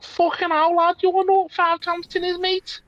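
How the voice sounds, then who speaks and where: A man putting on a brash, foul-mouthed young Liverpool man with an imitated Scouse accent, loud and mocking. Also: very high-pitched, completely flat delivery, a little fast, muffled recording, pitched above the performer's own voice.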